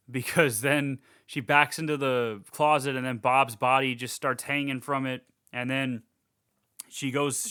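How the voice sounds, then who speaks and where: A man co-hosting a horror podcast, recapping a film in an excitable, rambling casual chat and swearing freely. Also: medium pitch, clear, resonant tone. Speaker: podcast co-host.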